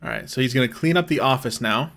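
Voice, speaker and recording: A man's voice: medium pitch, fast talker, gravelly, a bit bright. A man streaming a game in casual commentary, rambling as he explains and often saying "like". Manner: rambling, heavy use of "like".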